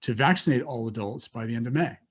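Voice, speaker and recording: A man's voice: mid-range voice, fast talker, slightly rough. A man co-hosting a podcast, explaining at length in a loose, rambling way. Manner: rambling, many fillers and restarts. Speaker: co-host on public affairs and baking. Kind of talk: casual chat.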